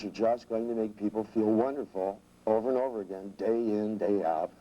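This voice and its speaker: A man's voice: on the low side, a little fast, muffled recording, slight background noise. A man teaching a live seminar, rambling and restarting sentences, with irreverent jokes and asides. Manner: acts out voices in quotes. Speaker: seminar trainer.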